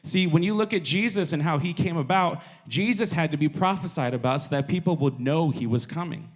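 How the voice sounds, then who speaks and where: A man's voice: fairly high pitch, a little fast. A man giving a casual sermon to young people, talking conversationally and repeating phrases for emphasis. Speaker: youth preacher.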